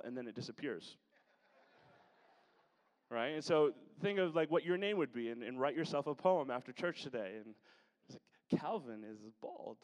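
A man preaching a conversational sermon to his congregation, with joking asides. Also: medium pitch. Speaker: pastor. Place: church sanctuary. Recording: long hall reverb.

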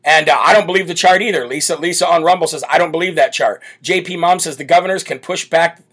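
A man's voice: a little high, fast, a bit bright, slightly rough. A man hosting a live political commentary show, speaking in a brash, bold, emphatic way. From United States. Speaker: political talk show host.

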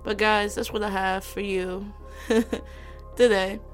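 A woman's voice: medium pitch, takes it slowly, faint music behind. A young woman hosting a solo podcast, telling a story in a blunt, profane, emphatic way. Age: young adult. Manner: animated storytelling. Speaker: podcast host. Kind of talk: casual solo podcast monologue.

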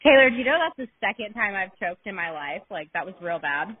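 A woman's voice: medium pitch, sing-song, fairly quick, breathy edge. A woman co-hosting a podcast, chatty and giggly, rambling through stories with her friend. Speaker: podcast co-host. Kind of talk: casual storytelling chat. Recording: tinny phone-like sound.

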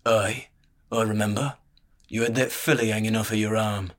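A man voicing a greedy, wary old male barkeep who talks gruffly and says "aye". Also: fairly low pitch, level tone, normal speed, a bit bright, lightly acted. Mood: drawling.

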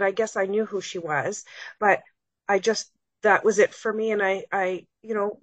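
A woman's voice: mid-range voice, no echo. A middle-aged woman, a podcast guest earnestly recounting a personal story and re-enacting conversations in her own voice. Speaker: guest, salon owner. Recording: dull, dry lo-fi recording.

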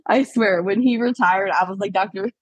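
A woman's voice: mid-range voice, moderate pace, slightly rough, no room sound. A young woman from Pennsylvania, a podcast guest, telling a personal story in a chatty way, laughing often and acting out past conversations. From Pennsylvania, USA. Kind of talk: casual storytelling interview.

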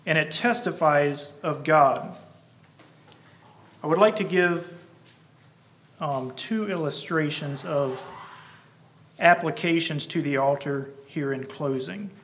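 A man preaching a sermon, telling an illustration and reciting a poem in a measured storytelling way. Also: on the high side, a bit bright, roomy sound, a little hiss or hum.

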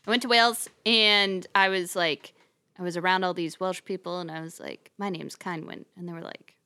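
Bright young woman telling stories. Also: lowish voice, steady tone, normal speed, no echo. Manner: storytelling, laughs often, trails off quietly. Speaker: podcast co-host. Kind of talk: casual chat.

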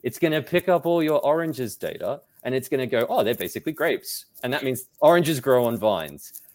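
A man talking about data as a podcast guest, energetic and quick to act out his own reactions, often restarting his sentences. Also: mid-range voice, no echo. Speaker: data management guest speaker. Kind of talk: animated podcast conversation.

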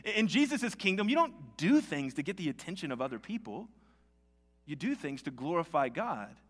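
A male pastor preaching a sermon, telling a story in a conversational, animated way with many restarts. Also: fairly high pitch, fairly quick. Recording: long hall reverb.

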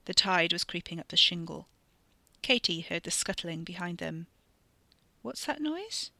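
A woman podcast storyteller reading dark scripted fiction in a measured, even way. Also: lowish voice, dry recording.

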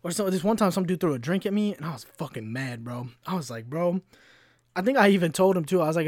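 A man's voice: high-pitched, expressive, fast talker, a little mellow, no echo, clean studio sound. Young man ranting, heavy swearing. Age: 20s. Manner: profane, heated storytelling with slang. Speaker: podcast host. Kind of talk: solo podcast rant.

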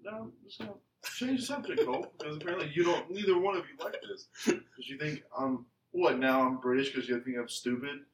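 A man's voice: a little high, a little fast, a little hiss or hum. Rambling young man, roomy podcast echo. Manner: joking, rambling, animated. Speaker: podcast co-host. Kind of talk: casual chat. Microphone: podcast mic. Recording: roomy echo, a bit far from mic.

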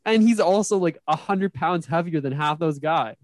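A man co-hosting a casual football podcast, starting halting and stammering. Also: a little high, dry recording. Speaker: podcast co-host. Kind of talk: casual sports podcast chat.

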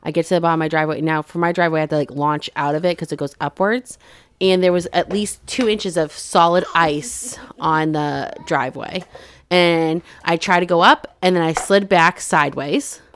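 A woman's voice: on the low side, moderate pace, smooth. A middle-aged woman co-hosting a casual podcast chat, telling long stories and laughing often. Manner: chatty storyteller, laughs often. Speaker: podcast co-host.

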